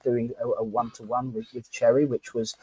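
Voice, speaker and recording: A man's voice: mid-range voice, level tone, moderate pace, dark tone, slightly rough, no echo. Chatty man hosting, dry sound. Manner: chatty and rambling, many fillers and restarts. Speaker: host. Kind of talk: casual live-stream chat.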